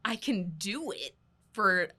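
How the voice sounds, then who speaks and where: Animated, bright-voiced woman guest. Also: medium pitch, slow pace, breathy edge. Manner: laughs often, self-deprecating. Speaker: podcast guest. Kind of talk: casual podcast chat.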